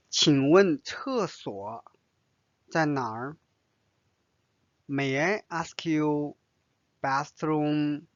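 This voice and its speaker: A man's voice: medium pitch, no room sound. A man with a Chinese accent, a native Chinese speaker, teaching vocabulary patiently, repeating each word with frequent fillers. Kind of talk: slow vocabulary lesson with repetition. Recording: dull, dry lo-fi sound.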